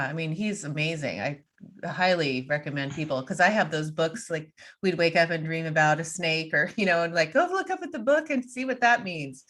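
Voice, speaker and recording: A woman hosts a relaxed interview, her voice sitting a little low. She encourages her guest with quick reactions, musing questions and easy laughter. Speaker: interview host. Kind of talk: conversational interview.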